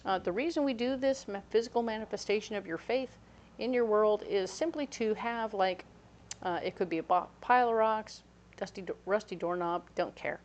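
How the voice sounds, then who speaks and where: A woman's voice: medium pitch, normal speed, dull audio. Chatty playful woman reading tarot. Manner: chatty, playful, animated asides. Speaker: tarot reader.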